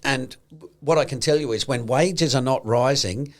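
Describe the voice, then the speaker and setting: An Australian man hosting an investing podcast in casual chat, animated, acting out quoted voices and swearing freely. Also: medium pitch, moderate pace. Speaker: podcast host.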